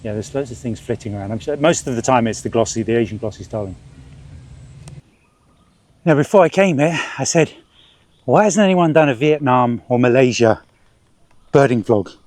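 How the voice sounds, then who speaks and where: A man's voice: mid-range voice, moderate pace, long pauses, darkish tone, no echo. Chatty man birding outdoors, dry sound. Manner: rambling, chatty, stop-start. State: sweating, swatting ants and bugs. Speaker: birdwatching vlogger. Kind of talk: casual outdoor vlog narration. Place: outdoors in a city park.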